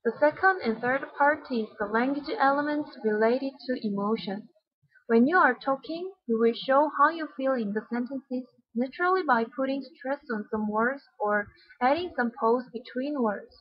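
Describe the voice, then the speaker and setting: A woman's voice: sits high, normal speed, slightly rough, muffled recording. A young woman whose first language is Mandarin, giving a student presentation in English and repeating film lines after her partner. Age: young adult. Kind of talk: classroom presentation on movie speech.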